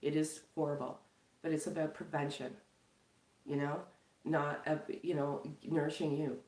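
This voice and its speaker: A middle-aged Canadian woman who reads tarot chats casually and loosely with her viewers about spiritual matters, using many fillers and laughing often. Her low, slightly mellow voice stays flat at a normal speed, in an echoey room.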